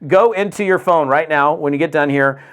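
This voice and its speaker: A man from the United States giving an energetic, conversational motivational talk on business, often restarting phrases and acting out quotes. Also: fairly high pitch, normal speed, clear, resonant tone. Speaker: network marketing speaker.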